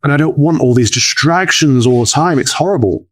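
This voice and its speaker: A man's voice: fairly high pitch, a little fast, fairly bright tone, dry recording. A British man, a priest co-hosting a casual chat over a video call, speaking frankly and emphatically. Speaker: priest and co-host.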